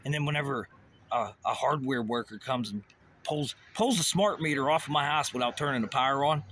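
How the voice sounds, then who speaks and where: A man's voice: mid-range voice, brisk, a bit bright. A man ranting in an agitated, rambling way, swearing often. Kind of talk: angry rant. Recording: noisy background.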